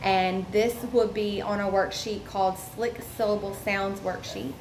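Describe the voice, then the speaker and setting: A young woman walks through a classroom lesson plan slowly, filling her pauses with ums as she explains each step. Her voice carries a roomy echo with a faint hiss of background noise. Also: medium pitch, steady tone. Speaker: education student presenting a lesson plan. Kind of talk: recorded lesson plan presentation. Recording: echoey room with faint noise.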